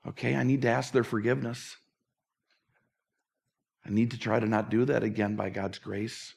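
A man preaching a sermon as pastor, earnest and candid, moving from animated talk to a hushed closing prayer. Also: mid-range voice, moderate pace, gravelly, husky.

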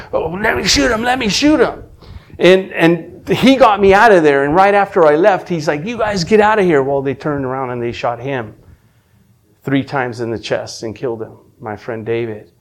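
A middle-aged man with a fairly high-pitched voice shares his personal faith testimony, earnest and emotional. He often restarts his sentences and drops from loud to hushed.

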